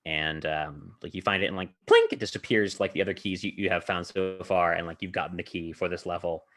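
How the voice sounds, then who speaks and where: Recounting a tabletop game session he ran, the podcast host and game master rambles casually, laughing often and using many filler words. His delivery is low-pitched and flat, a little fast, with a fairly bright tone.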